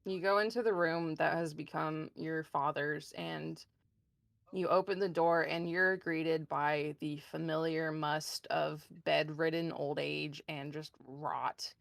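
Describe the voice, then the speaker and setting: A woman narrating as game master in a relaxed, casual way. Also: sits low, takes it slowly, creaky, no room sound.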